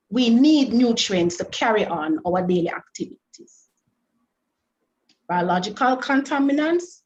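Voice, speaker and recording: A woman's voice: a little high, darkish tone, highs cut off, a little hiss or hum. A woman presenting an online food safety lecture, asking her audience many rhetorical questions and restarting phrases as she explains. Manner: careful, deliberate explaining with frequent restarts. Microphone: online webinar microphone.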